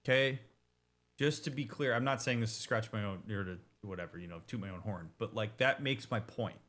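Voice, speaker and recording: A man who works as a therapist, talking over a game in a casual, explanatory way, direct and emphatic, with quick asides and restarts. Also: on the low side, fairly even intonation, fairly bright tone.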